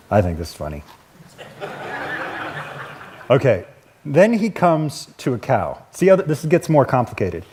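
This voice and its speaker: A man's voice: mid-range voice, huge pitch swings, moderate pace, long pauses, a little mellow, slightly rough. A male pastor giving a casual, conversational sermon, chuckling and correcting himself as he goes.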